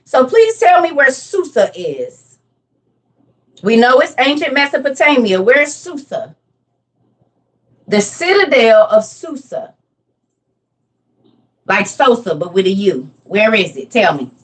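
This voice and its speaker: A woman's voice: a little high, big pitch swings, slow, long pauses, distant mic. A woman in her forties giving a casual Bible lesson, playful and constantly quizzing her listeners. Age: 40s. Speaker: Bible teacher.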